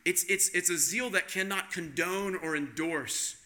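Male pastor, slightly high voice with a very bright edge; conversational sermon built on rhetorical questions. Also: measured pace.

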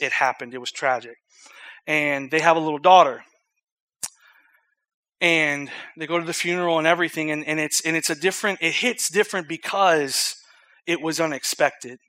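During an evening sermon, a man tells a story in an earnest, conversational way and reads scripture aloud with loud emphasis. His voice sits a little high.

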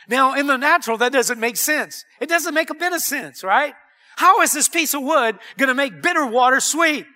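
Earnest pastor guy preaching, really high voice, gets emphatic and loud at points. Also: normal speed. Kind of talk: sermon.

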